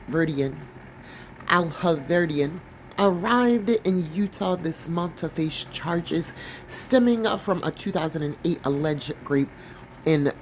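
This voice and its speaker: A woman's voice: on the low side, a little hiss or hum, poor audio. A woman reading a news article aloud and breaking off for blunt, sassy comments of her own, sometimes stumbling over words. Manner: blunt, sassy commentary between read passages. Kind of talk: reading aloud with casual asides.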